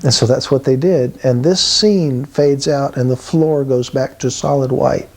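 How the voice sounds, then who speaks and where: A man's voice: medium pitch, a little slow, a little mellow, rough recording. Earnest man in his sixties telling his story. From Texas. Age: 60s. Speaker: testimony speaker. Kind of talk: spoken personal testimony.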